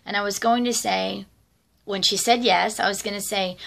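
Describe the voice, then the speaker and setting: Gravelly middle-aged woman telling stories. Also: medium pitch, fairly even intonation, normal speed, a bit bright. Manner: rambling, conversational, many fillers and asides. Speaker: vlogger. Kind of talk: casual personal storytelling.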